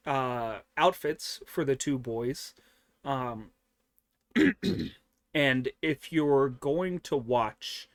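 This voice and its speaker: A man's voice: mid-range voice, no room sound. A man hosting an anime review show, recapping an episode in a casual, rambling way with many fillers and offhand swearing.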